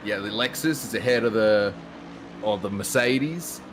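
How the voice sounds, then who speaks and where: A man's voice: on the low side, a little slow, over music. A man with an Australian accent doing chatty commentary on a sim race, laughing often.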